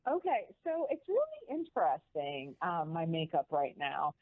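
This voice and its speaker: Animated woman on a phone line. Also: low-pitched, measured pace, no room sound. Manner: animated, emphatic storyteller. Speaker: guest, financial educator. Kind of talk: radio interview.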